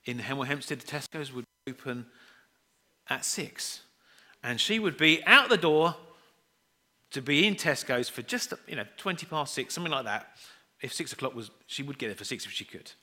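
A man's voice: medium pitch, expressive, normal speed, pushed and bright. A middle-aged man preaching a sermon, telling chatty, self-deprecating family stories and acting out the voices in them.

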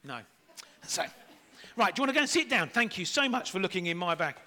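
Lively, bright man. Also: high-pitched, brisk, slight background noise. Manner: playful, chatty, jokey. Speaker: children's talk leader. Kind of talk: children's talk at church.

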